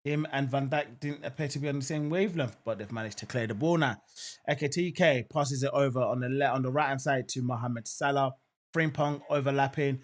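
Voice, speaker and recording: A young man hosting a live football watchalong, commentating on play and chatting casually with viewers, with lots of fillers and sudden excited outbursts. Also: mid-range voice, fairly quick. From England. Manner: casual, repeats phrases, lots of "um" and "I'm not gonna lie"; jumps to excited exclamations at near-misses. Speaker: live match watchalong host.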